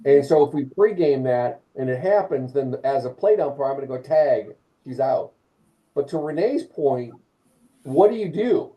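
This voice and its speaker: A man teaching umpires in a live training session, lively, often restarting phrases and acting out calls. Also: mid-range voice, moderate pace, highs cut off. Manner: animated, acts out calls and quotes. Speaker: umpire clinic instructor.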